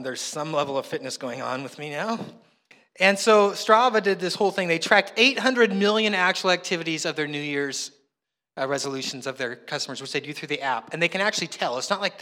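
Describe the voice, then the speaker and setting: A man's voice: high voice, expressive, fairly quick, bright, forceful tone. A man preaching a sermon as pastor, telling chatty, self-mocking stories. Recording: long hall reverb.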